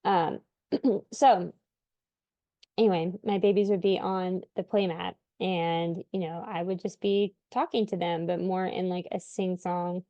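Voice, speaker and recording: A chatty woman in her thirties shares tips as a parent, talking casually and laughing often. Her voice sits at an ordinary middle pitch, and the sound is close and dry with no room echo. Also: darkish tone, dull audio. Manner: chatty, lots of filler words, laughs often. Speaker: parent of deaf children giving tips. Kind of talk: casual instructional talk to camera.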